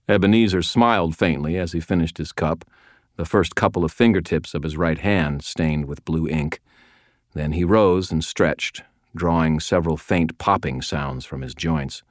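Male audiobook narrator, low voice, wry first-person storytelling, dry booth. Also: moderate pace, dry recording.

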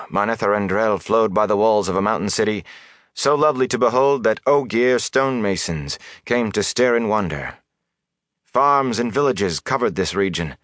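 A man voicing a commanding woman sorceress, speaking quietly but sternly. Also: lowish voice, no room sound, clean studio sound.

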